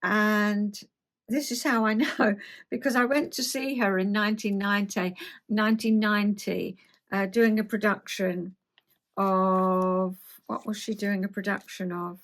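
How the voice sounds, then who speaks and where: A woman's voice: mid-range voice, steady tone, a little slow, a bit bright. Lady in her 70s, london twang, reads out her old school memories, chats off-script, pokes fun at herself. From South East England. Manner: reminiscing, self-deprecating, rambling. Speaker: host. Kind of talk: reading her memoir aloud with chatty asides.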